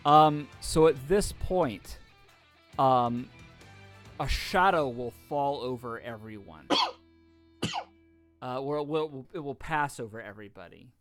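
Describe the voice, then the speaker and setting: A man narrating as game master of a tabletop game, halting with many ums and restarts. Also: mid-range voice, faint music behind.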